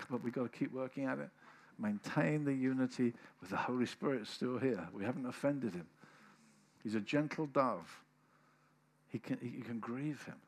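Older man, husky voice, preaching, lively storytelling with acted-out voices. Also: mid-range voice. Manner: animated storytelling, acting out quoted voices. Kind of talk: sermon.

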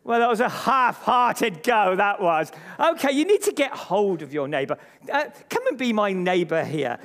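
High-voiced, animated man preaching. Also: moderate pace. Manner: emphatic, leads call-and-response with the congregation. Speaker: pastor. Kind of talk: sermon. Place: church service before a congregation. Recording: long reverb of a large hall.

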